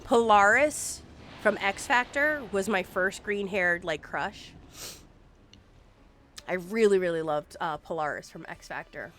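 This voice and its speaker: A woman's voice: medium pitch, unhurried, fairly bright tone, slight background noise. A woman in her forties, a game streamer, chatting casually and swearing now and then while she plays. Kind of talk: casual live-stream chat. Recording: faint music behind.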